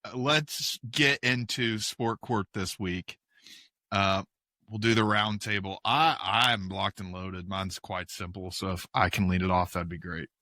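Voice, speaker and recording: Teasing, low-pitched podcast host. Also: male voice, fairly even intonation, unhurried, sharp tone, no room sound. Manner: teasing, steers topics. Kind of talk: casual sports chat.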